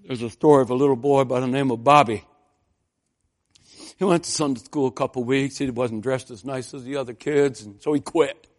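A man preaching a sermon, telling folksy stories in a conversational way and building to loud, fervent exhortation. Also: medium pitch, steady tone, a little fast.

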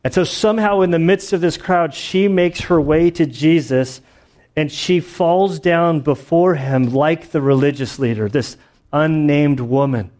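A pastor with a slightly high, slightly mellow voice teaches through a Bible passage a little slowly. He's casual and rambling, full of filler words and restarts, with the occasional laugh.

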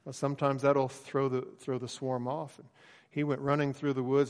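Pastor, middle-aged man, mid-pitched, folksy sermon storyteller, long hall echo. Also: fairly quick, clean tone. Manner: relaxed storytelling with frequent fillers.

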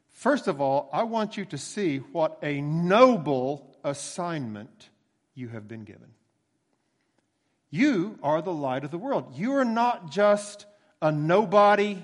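A man preaching a sermon as a pastor, emphatic, with dramatic pauses and bursts of rising emphasis. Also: on the high side, long reverb tail.

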